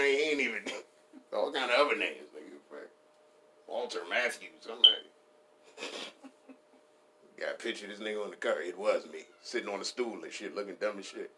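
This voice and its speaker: A man with a fairly low voice riffs through a loose, profane comic rant. He rambles from one bit to the next, laughs at his own jokes and keeps the talk casual and unpolished. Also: bright, forceful tone, a little hiss or hum.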